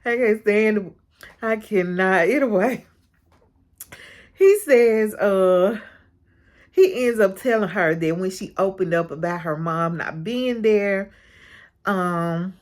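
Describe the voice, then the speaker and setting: A woman's voice: mid-range voice, takes it slowly, long pauses. A woman hosting a casual recap of a reality show, frank and chatty, often breaking into laughter.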